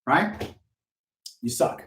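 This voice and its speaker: A man's voice: extremely slow, reverberant, distant mic. A man coaching real estate agents in a live-streamed training talk, speaking bluntly and cursing freely. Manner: blunt, profane, animated.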